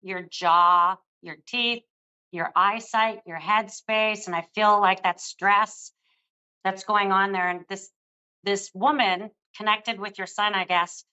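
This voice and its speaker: Older female psychic host, gentle and affectionate reading, bright tone, muffled lo-fi sound. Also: mid-range voice, steady tone, slow pace, smooth. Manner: soothing, affectionate, calls the caller love. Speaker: psychic reader. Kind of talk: live psychic reading on air.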